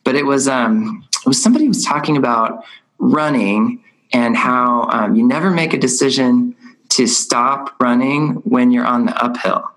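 A man's voice: mid-range voice, normal speed, fairly bright tone, low-quality recording. A man hosting a podcast conversation, thinking aloud in a loose, rambling way. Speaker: podcast host. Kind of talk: casual conversation.

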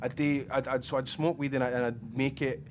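A man's voice: medium pitch, fairly even intonation, a little fast, a little hiss or hum. A Scottish man telling a rambling, sweary story on a casual podcast, laughing often. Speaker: podcast co-host. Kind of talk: casual chat.

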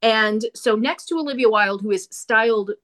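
A woman talking casually about a movie she watched, animated and opinionated, with quick asides. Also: a little high. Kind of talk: casual movie review chat.

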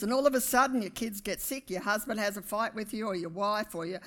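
A woman pastor, preaching a sermon to her congregation with animated, rising emphasis. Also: medium pitch, brisk. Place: church.

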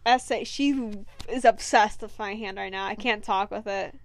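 A woman co-hosting a podcast in casual chat, mostly giving quiet agreement and short replies. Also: mid-range voice, steady tone, moderate pace, creaky. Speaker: podcast co-host.

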